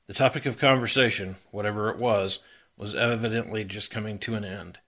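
A man reading a hard-boiled crime story aloud in an even, dry manner. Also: lowish voice, brisk. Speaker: story reader.

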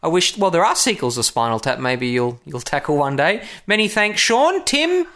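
A man hosting a podcast in casual chat, playful and quick to laugh. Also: on the high side, big pitch swings, a bit bright. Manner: laughs often, playful and joking. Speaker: podcast host.

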